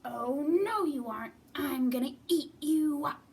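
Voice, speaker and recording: Lady doing a slow loud grumpy troll, storybook style, kinda far from the mic. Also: lively intonation. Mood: menacing. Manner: slow, drawn-out, booming threats. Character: mean bridge-dwelling troll, male, menacing.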